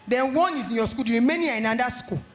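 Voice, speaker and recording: A middle-aged woman with a Nigerian accent giving a lively motivational talk at an education conference, acting out little scenes. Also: a little high, racing, reverberant. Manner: animated, acts out little scenes in quoted voices.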